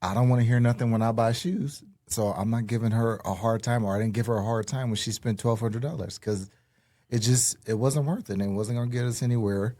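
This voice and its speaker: A man co-hosting a podcast, chatting casually in a calm, easygoing way. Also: medium pitch, a little fast. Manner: calm, easygoing, reasoning it through. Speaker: podcast co-host. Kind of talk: casual chat.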